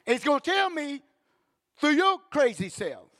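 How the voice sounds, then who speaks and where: Animated high-voiced preacher. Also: male voice, unhurried, big-room sound. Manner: animated storytelling, bursts of shouting; blunt, joking asides. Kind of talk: sermon.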